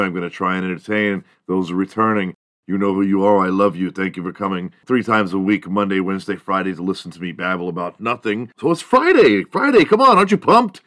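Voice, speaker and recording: A man with a low voice hosts a comedy podcast, rambling and cursing with hyped energy. The recording is dry and close, with no room echo. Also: fairly bright tone. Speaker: podcast host. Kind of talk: casual comedy podcast monologue.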